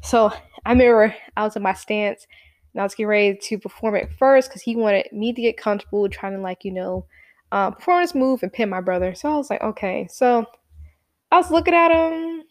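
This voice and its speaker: A woman's voice: a little high, expressive, a little fast, dry recording. Woman, casual storytelling, rambling and chatty, close dry sound. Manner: chatty, rambling, acts out quotes.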